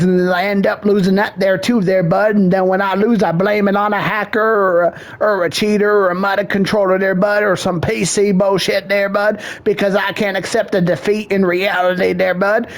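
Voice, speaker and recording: A man's voice: high voice, gravelly. A man voicing a lazy, defensive husband who rants bluntly and keeps tagging his phrases with a folksy catchphrase. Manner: blustering, ends every phrase with "there, bud".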